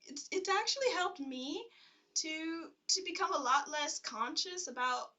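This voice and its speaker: A woman telling stories in a casual vlog, rambling and animated, laughing often and filling her speech with fillers. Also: high voice, a little slow, recorded from a distance. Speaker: vlogger.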